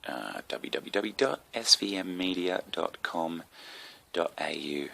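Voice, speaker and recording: A young Australian man rambles through a solo comedy podcast, swearing freely and tossing in asides. His voice sits very low with a gravelly fry, yet comes across bright and forceful, with a sick, slightly coughy edge. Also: lively intonation, unhurried.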